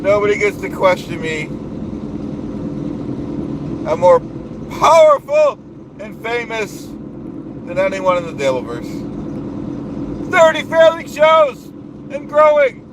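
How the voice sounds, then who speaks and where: Man doing a bombastic, self-important male streamer persona; lively, leaping delivery, noisy car recording. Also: slow, pauses often, full character voice. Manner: grandiose, shouting rants with sudden pitch leaps. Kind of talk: live stream parody rant.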